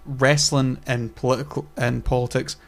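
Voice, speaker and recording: A man's voice: medium pitch, flat delivery, moderate pace, gravelly. A young man co-hosting a podcast, ranting animatedly with lots of swearing and stammered restarts. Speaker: podcast co-host. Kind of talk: casual profane chat.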